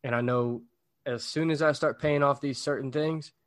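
A man's voice: medium pitch, fairly even intonation, normal speed. A man co-hosting a casual podcast, speaking in an affirming, motivational way and often repeating words as he starts a sentence.

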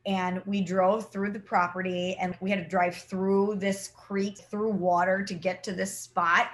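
A young adult woman from Saint Louis, a podcast co-host telling lively stories in casual chat and acting out the quotes. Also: medium pitch, a little slow. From Saint Louis, Midwest US. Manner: animated storytelling, acts out quotes.

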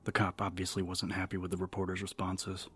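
A man narrating a horror story in a steady, even audiobook style. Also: low-pitched, brisk. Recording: music bed under the narration.

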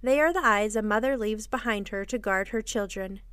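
Woman reading a tender worried mother, soft and dry-sounding. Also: medium pitch, normal speed, smooth, dry recording, close to an everyday voice. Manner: soft and pleading. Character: anxious, gentle young mother.

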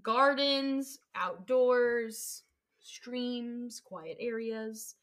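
A woman's voice: on the high side, extremely slow, fairly bright tone. A young woman co-hosting a casual podcast, rambling and giggly with lots of fillers. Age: young adult. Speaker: podcast co-host. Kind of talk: casual chat.

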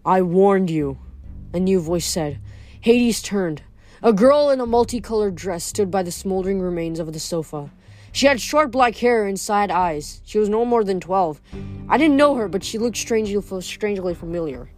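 A woman's voice: medium pitch, moderate pace, soft background music. Woman reading a novel aloud. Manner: steady storytelling with small slips. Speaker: reader.

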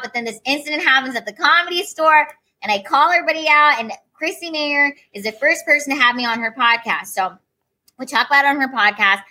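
A woman comedian, a guest on an interview show, telling her stories casually and acting out what people said. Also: high voice. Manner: animated, acts out quoted voices.

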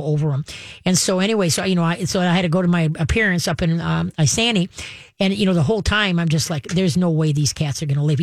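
A woman's voice: on the low side, dry recording. Midwestern lady rambling thru a story, lots of um and you know, dry close sound. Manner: rambling, many fillers and restarts. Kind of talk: casual storytelling.

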